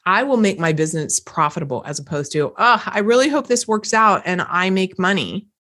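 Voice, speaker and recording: A woman hosting a motivational podcast, talking emphatically and repeating phrases for effect. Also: low voice. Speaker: podcast host, coach.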